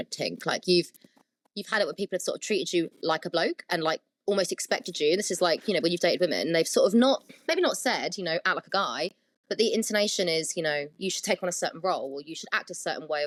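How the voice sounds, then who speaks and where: A woman hosting a casual podcast, steering the talk with measured questions to her guests. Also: fairly low pitch, dry recording. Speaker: podcast host.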